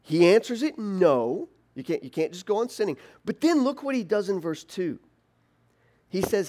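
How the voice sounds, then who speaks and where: A pastor preaching a sermon in an animated, conversational way, acting out the questions a listener might ask. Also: male voice, sits high, moderate pace. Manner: animated, teasing and conversational, voices imagined objections.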